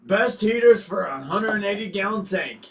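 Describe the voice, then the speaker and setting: Male co-host, high, excitable, casual livestream voice, a bit off-mic. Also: moderate pace, distant mic. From United States. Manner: loud, excitable, often raising his voice. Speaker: livestream co-host answering viewer questions.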